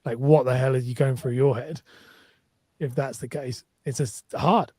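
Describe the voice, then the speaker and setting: A young man co-hosting a podcast, talking sympathetically in a quick, halting way. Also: mid-range voice, fairly even intonation, dark tone, husky, dry recording. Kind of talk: casual conversation.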